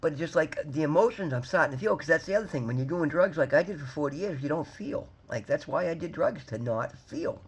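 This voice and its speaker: Husky fifty-something guy rambling to camera, talks quick and a bit high, keeps saying guys. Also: animated. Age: 50s. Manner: rambling, emphatic, addresses viewers as guys. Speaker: vlogger. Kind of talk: candid personal talk to camera.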